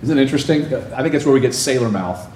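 A man's voice: medium pitch, expressive, fast talker, a little mellow, a little hiss or hum. A man preaching a sermon as a pastor. He talks in a conversational way and keeps asking the congregation questions. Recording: echoey room, faint ambience.

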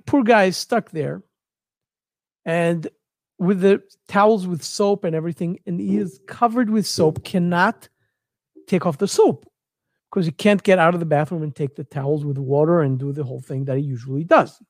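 High-voiced man retelling a story. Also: normal speed, no room sound, studio quality. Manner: searches for words, repeats phrases, animated retelling. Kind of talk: casual storytelling.

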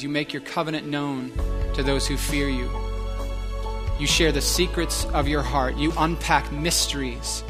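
Pastor guy praying in church, fervent and repetitive, kinda hushed, faint music under it. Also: a little high. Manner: fervent repeated pleading, soft and hushed at times. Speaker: pastor leading prayer. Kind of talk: prayer ministry in church. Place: church sanctuary.

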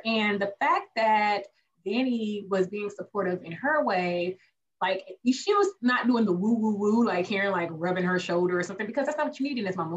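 A woman co-hosting a podcast in casual recap chat, animated and acting out quotes. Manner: animated, acts out quotes with rising pitch. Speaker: podcast co-host. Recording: distant, dull lo-fi mic with faint noise.

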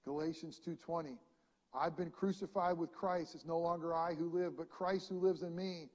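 A man preaching a sermon as pastor, reading scripture aloud and swinging between ringing proclamation and hushed, intimate passages. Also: on the high side, steady tone, normal speed. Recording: long reverb of a large hall.

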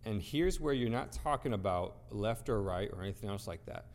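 With a fairly low, darkish, animated voice at normal speed, a man preaches a sermon to a gathered audience. He speaks emphatically, asking rhetorical questions and repeating phrases as he builds his case. A large hall lends the recording long reverb.

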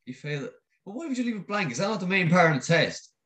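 A man's voice: high-pitched, sing-song, quick pace, a bit bright. A young Irish man in casual chat, easygoing and teasing, swearing now and then.

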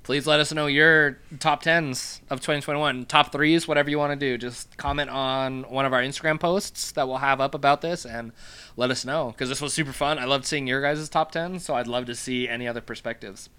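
Bright-voiced man on a podcast chat. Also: medium pitch, steady tone, brisk, clean tone. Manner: easygoing, wanders off on tangents. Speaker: podcast co-host.

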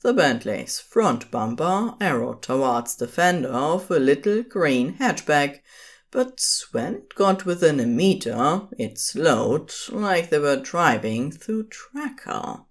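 A narrator reading fan fiction aloud in a measured, even storytelling manner. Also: mid-range voice.

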